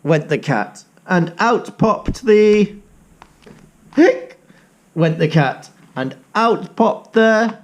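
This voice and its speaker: A man reading a children's picture book aloud, very slow and deliberate, his pitch swooping up and down for effect. He pauses to ask the little ones questions and get them making sounds. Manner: animated, asks children to join in. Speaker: teacher.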